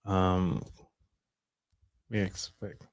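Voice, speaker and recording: A man's voice: low voice, fairly even intonation, very slow, no room sound, studio quality. A man hosting a live money show, talking loosely and offhandedly with trailing asides. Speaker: podcast host. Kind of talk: casual live demonstration.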